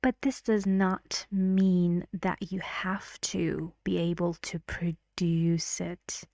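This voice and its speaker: Female pronunciation teacher, very slow and patient, dry close mic. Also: on the low side, mellow, dry recording. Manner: slow, patient, often drops to a whisper; chants stress patterns in syllables. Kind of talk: online lesson with drills.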